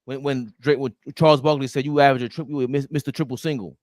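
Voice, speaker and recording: A man co-hosting a casual sports podcast, talking in slangy, emphatic bursts with loud outbursts. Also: mid-range voice, steady tone, fast, dry recording, studio quality. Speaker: podcast co-host.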